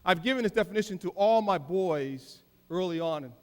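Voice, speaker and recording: A middle-aged man preaching a keynote sermon, emphatic, swinging between loud declarations and soft asides. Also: high-pitched, expressive, a little fast. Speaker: keynote speaker. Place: large hall. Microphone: handheld mic. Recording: live in a reverberant hall.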